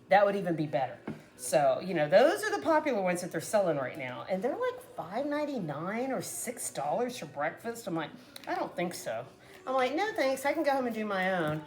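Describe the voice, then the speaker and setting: A woman's voice: medium pitch, darkish tone. A woman casually chatting to viewers while cooking at home, talking to them as "guys" and laughing often. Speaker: cooking vlogger. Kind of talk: casual cooking chat to camera.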